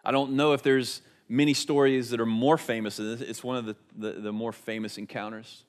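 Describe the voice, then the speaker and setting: A male pastor preaching a sermon in a conversational way, asking rhetorical questions and moving between emphatic and hushed delivery. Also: mid-range voice, little pitch movement, brisk.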